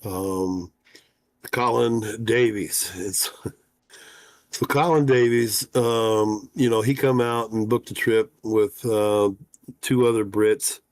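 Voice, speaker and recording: A man's voice: fairly low pitch, steady tone, slow pace, darkish tone, no echo. A man hosting a casual livestream talk show as a fishing guide, folksy and rambling, with lots of "uh" fillers.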